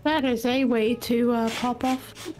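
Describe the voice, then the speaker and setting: A woman's voice: on the high side, steady tone, measured pace, a little mellow, faint music behind. A woman chatting and teasing playfully on a game stream. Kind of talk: casual game stream chat.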